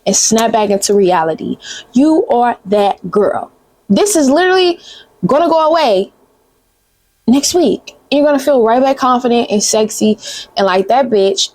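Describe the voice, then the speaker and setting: A woman's voice: on the high side, a little mellow, no room sound. A young woman, giving a blunt, profane, sisterly pep talk straight to camera in a casual vlog. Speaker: vlogger.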